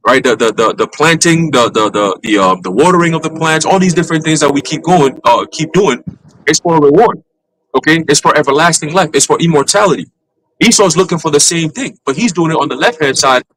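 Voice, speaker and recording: A man teaching at a live church gathering, talking in a casual, animated way with street slang. His voice sits a little high for a man. He stumbles and restarts often while he makes his point. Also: low-quality recording. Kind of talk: informal sermon.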